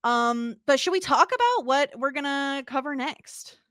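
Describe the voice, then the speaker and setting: Animated woman podcast co-host. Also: high-pitched, unhurried, no echo, studio quality. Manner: animated, jokey, bursts into laughs. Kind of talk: casual chat.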